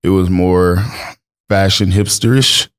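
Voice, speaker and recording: A man's voice: deep voice, steady tone, slow, smooth. A man from Los Angeles, a streetwear brand owner, talking casually as a podcast guest, telling stories with slang and acted-out quotes. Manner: laid-back storytelling with acted-out quotes and slang. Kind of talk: casual interview talk.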